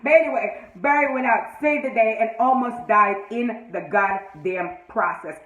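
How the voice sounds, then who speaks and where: A woman giving an excited, profane fan review of a TV episode, acting out the scenes and laughing often. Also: on the high side, normal speed, few pauses. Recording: echoey room.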